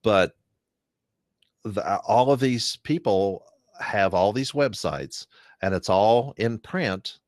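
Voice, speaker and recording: A man's voice: lowish voice, animated, slow pace, a little mellow, no echo, clean studio sound. A middle-aged man, chatting casually and rambling along with plenty of fillers. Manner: easygoing, rambling with many fillers. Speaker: co-host, union representative. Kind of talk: casual chat.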